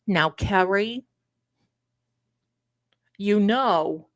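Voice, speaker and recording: A chatty woman talks to her live-stream viewers in an unhurried, animated way, calling them her loves. Her voice sits at a middle pitch and sounds close and dry, with no room around it. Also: dry recording. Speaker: livestream host. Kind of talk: casual live-stream chat.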